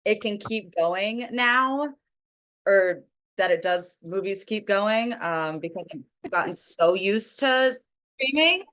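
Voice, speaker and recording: A woman's voice: medium pitch, animated, takes it slowly, a bit bright. A woman panelist in casual chat, talking in a chatty, self-mocking way.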